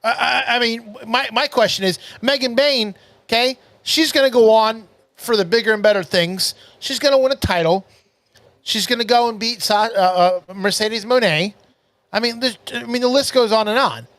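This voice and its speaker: A man's voice: very high-pitched, normal speed, fairly bright tone, dry recording. A man co-hosting a casual wrestling review podcast, arguing his point and teasing the others. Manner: argumentative, interrupts and teases. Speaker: podcast co-host.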